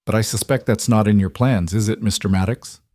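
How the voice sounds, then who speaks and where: A man's voice: on the low side, steady tone, fairly quick, mellow, dry recording, studio quality, natural voice. A man voicing a pompous, scheming, portly judge in a spoken frontier story. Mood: smug. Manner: pompous, oily. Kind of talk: storybook character reading.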